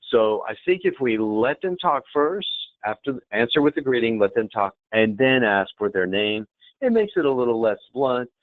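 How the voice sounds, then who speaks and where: Lively male trainer on a thin phone line. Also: mid-range voice, moderate pace, no echo. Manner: lively, demonstrative, checks in with "okay?". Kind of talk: webinar presentation. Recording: tinny phone-like webinar audio.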